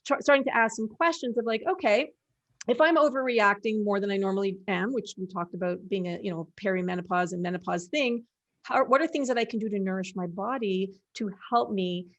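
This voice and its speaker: A woman's voice: medium pitch, a little fast. Earnest, encouraging woman in a podcast chat.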